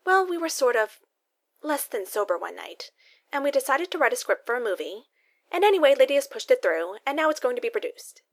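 A woman's voice: sits high, sing-song, brisk, voice pushed up. A bubbly, teasing younger sister who chatters along in an upbeat way, voiced by a woman reading a story aloud. Her lines come across light and breezy in this audiobook reading. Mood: chatty.

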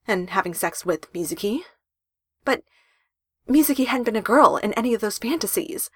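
A woman reading a story aloud in an expressive narration style with emphatic rises. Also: medium pitch, dry recording, clean studio sound.

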